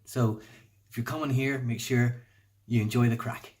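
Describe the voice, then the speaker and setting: A man's voice: medium pitch, fairly even intonation, moderate pace, a little mellow, slight background noise. A man with a Northern Irish accent chatting casually on a self-filmed vlog in a park, explaining things in a friendly, easygoing way. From Northern Ireland. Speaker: vlogger. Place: outdoors in a local park. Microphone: handheld camera or phone, self-filmed.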